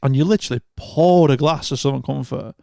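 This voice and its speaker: Gravelly man telling stories. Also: mid-range voice, fairly quick, dry recording, studio quality. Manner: animated storyteller, swears freely, acts out quotes. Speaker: podcast co-host. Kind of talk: casual chat, anecdote telling.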